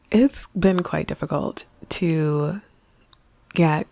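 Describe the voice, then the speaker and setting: A woman spiritual coach musing in a reflective vlog monologue, often dropping to a soft half-whisper. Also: low-pitched, takes it slowly, gravelly, long pauses, no echo.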